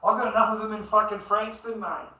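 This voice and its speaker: A man's voice: sits high, steady tone, fast talker, sharp tone, rough recording. An Australian man hosting a livestream, talking in a brash, profane and confrontational way as he reacts to chat comments at home. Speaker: livestream host.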